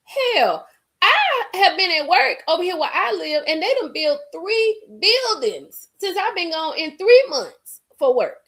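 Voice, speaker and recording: Animated woman chatting to her live stream. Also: extremely high pitch, measured pace. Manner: animated, talks straight to viewers reading the chat; emphatic, repeats lines for effect. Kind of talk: casual live-stream gossip chat.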